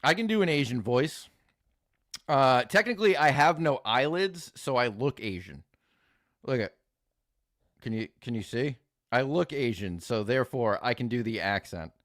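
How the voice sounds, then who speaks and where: A man's voice: medium pitch, animated, normal speed, a bit bright, no echo, studio quality. A man hosting a live stream, chatting casually with viewers in a crude, joking, rambling way, swearing often. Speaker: streamer host reacting to videos.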